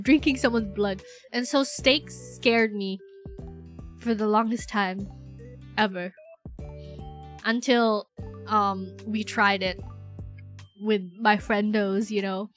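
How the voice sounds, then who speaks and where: A woman's voice: medium pitch, fairly bright tone. A young woman from the Philippines chatting on a livestream, rambling and giggly with lots of fillers. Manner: rambling, giggly, filler-heavy, self-mocking. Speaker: VTuber streamer. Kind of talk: casual livestream chat.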